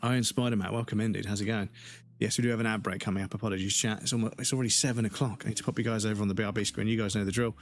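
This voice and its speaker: A man with a low, steady voice talks very fast while livestreaming a game, with game music behind him. The streamer chats casually, swearing and laughing at his own frustration.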